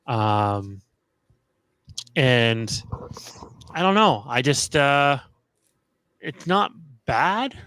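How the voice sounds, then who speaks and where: A man on a casual podcast panel, talking in halting bursts with many fillers and restarts. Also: medium pitch, sing-song, fairly bright tone, clear, resonant tone, poor audio.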